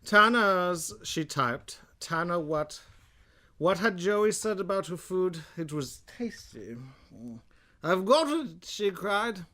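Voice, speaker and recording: A man's voice: high-pitched, expressive, takes it slowly, pushed and bright, voice pushed up, full character voice. A man putting on a drunk British drawl. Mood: drunken drawl. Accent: put-on British. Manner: drawling, tacks on "darling".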